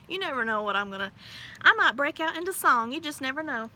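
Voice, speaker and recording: Chatty woman in her forties hosting a live stream, bright and high, laughs a lot, faint breeze behind her. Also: lively intonation, fast talker. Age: 40s. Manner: bubbly, chatty, laughs often. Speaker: livestream host. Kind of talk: casual live-stream chat. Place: outdoors by a pool on a windy day. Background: wind gusts.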